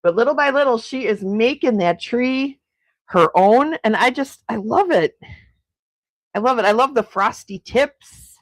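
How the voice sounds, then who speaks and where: A woman's voice: a little high, measured pace, dry recording. Gushing woman hosting a livestream. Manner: gushing, animated, laughs often. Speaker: livestream host. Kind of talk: casual chat reading viewer comments.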